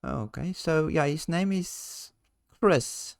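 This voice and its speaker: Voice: mid-range voice, slow, vocal fry, no echo, studio quality. A channel host relaying viewer questions in casual, hesitant chat. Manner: hesitant, with restarts.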